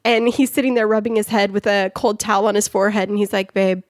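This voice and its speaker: A woman's voice: medium pitch, steady tone, fast talker, no room sound, clean studio sound. A woman in her forties co-hosting a podcast, cheerful and teasing as she tells a story about her husband. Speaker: podcast co-host. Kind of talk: casual podcast chat.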